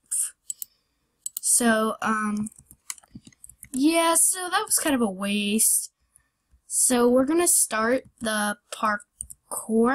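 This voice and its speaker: Running her own channel, a young gaming host with a slightly high, somewhat bright voice offers rambling, casual, self-deprecating commentary on a parkour game. She yelps at each fail, and keyboard clicking can be heard in the background.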